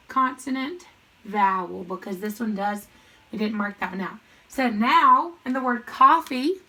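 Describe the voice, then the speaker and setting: A woman teaching a phonics lesson to young children, slowly sounding out words and thinking aloud as she writes on a board. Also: a little high, a bit bright, low-quality recording. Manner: slow, patient, sounds out words. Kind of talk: recorded classroom lesson.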